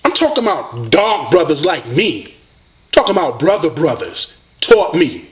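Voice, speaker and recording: A man's voice: on the high side, sing-song, normal speed. A man from the United States, delivering a combative, preachy video rant at a rival debater. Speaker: online debater addressing a rival.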